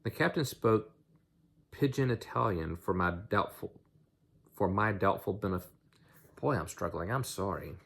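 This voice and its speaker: Male reader, unpolished novel reading, very low husky voice. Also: animated, a little slow, long pauses, fairly bright tone. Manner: unpolished, with slips and restarts. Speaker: audiobook reader.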